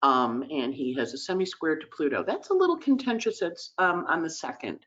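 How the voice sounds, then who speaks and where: A woman's voice: sits low, big pitch swings, a little fast, a bit bright, dull audio. A woman host giving a chatty weekly astrology forecast, emotional and teary at times, acting out little voices in quotes.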